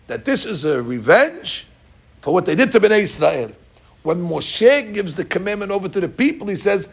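A man teaching a Torah lesson, acting out the dialogue he quotes with lively swings in his voice. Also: normal speed, gravelly, breathy edge. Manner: animated, acts out quoted dialogue with rising pitch.

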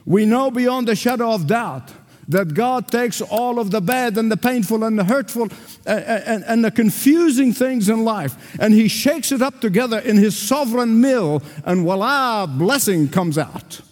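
A man's voice: sits high, expressive, moderate pace, darkish tone. An older man preaching a sermon as pastor, emphatic and repetitive, calling out to the congregation for responses. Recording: reverberant hall.

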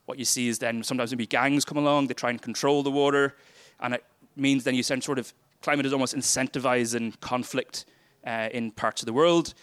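A man's voice: medium pitch, fairly bright tone, smooth, dry recording. Chatty Irish man giving a talk. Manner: chatty, self-deprecating, loose and conversational. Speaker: charity workshop speaker. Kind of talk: casual presentation to a youth group.

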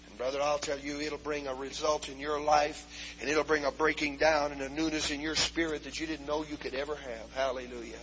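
High, bright-voiced fervent preacher man. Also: little pitch movement, brisk, slight background noise. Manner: fervent, punctuates with hallelujahs, many "uh" fillers, climbs to shouts. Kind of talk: fiery Pentecostal sermon. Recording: dull lo-fi 1970s tape.

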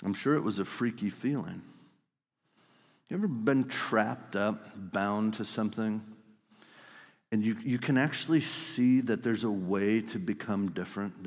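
Male pastor, sermon, vivid storytelling, low voice, long hall reverb. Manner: vivid storytelling, swings between loud and hushed.

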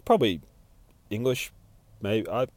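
A man's voice: lowish voice, expressive, measured pace, no room sound. A man hosting a podcast, recapping a comic in a casual, profane, rambling way and laughing often. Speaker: podcast host.

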